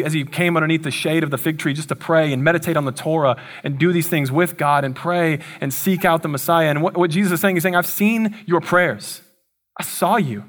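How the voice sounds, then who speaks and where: Male pastor, slightly higher voice, casual sermon storytelling. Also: fairly bright tone. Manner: casual storytelling with slangy asides.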